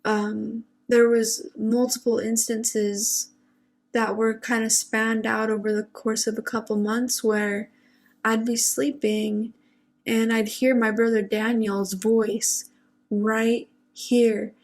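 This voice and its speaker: Young woman, casual storyteller, slightly high, flat delivery, halting and uneasy. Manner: halting, hushed, unsettled retelling.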